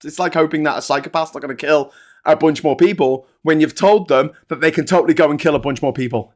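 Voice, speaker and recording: A man's voice: on the high side, fast talker. A man, hosting a casual live-stream chat, ranting and joking with lots of swearing. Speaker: host.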